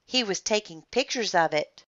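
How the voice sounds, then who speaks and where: Bright, animated woman reading a storybook. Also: mid-range voice, moderate pace, highs cut off. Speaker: children's book reader. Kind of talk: reading a children's book aloud.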